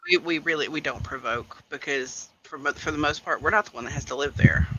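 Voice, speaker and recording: A man's voice: fairly high pitch, a little fast, fairly bright tone. A man, a co-host adding brief, matter-of-fact remarks in a casual chat. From Southern United States. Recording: dull lo-fi audio with faint noise.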